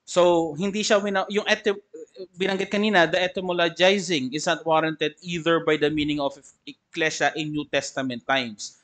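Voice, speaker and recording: A man's voice: fairly high pitch, fairly even intonation, fairly quick, fairly bright tone. Filipino man teaching a Bible class. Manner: reads definitions aloud, then explains them conversationally with fillers. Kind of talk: church Bible lesson, mixing English and Tagalog.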